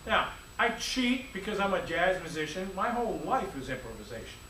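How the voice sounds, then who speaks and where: High-voiced man teaching a class. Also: a little fast, slight background noise. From United States. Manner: lively, playful, demonstrative. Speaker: music teacher. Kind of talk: classroom lecture. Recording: echoey room, distant mic, faint ambience.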